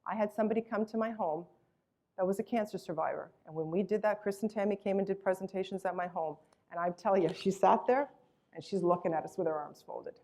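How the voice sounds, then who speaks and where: A woman's voice: medium pitch, fast, a little mellow. A woman giving an enthusiastic, emphatic sales presentation about her company's products. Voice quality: acts out voices when retelling a story.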